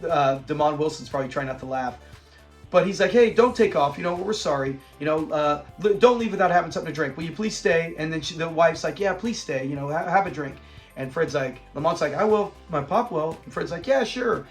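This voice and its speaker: A man hosting a casual episode review, retelling scenes with lively acted-out lines and frequent laughs. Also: a little high, brisk, soft background music. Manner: animated retelling, acts out the characters' lines, laughs often.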